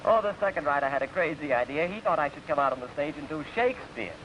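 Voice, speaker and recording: A man's voice: on the high side, lively intonation, fast talker, a bit bright. A young man with an English accent, a polite, chatty guest telling jokes in scripted radio comedy banter. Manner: polite, chatty, self-deprecating storyteller. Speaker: guest performer. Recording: dull old radio broadcast with hiss.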